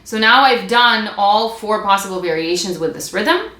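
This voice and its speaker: A woman's voice: medium pitch, expressive, normal speed, over loud music. A woman teaching a string practice technique, explaining step by step in a patient, demonstrating manner. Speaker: music teacher. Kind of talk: instrumental practice lesson. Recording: echoey room with string playing. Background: bowed string instrument between lines.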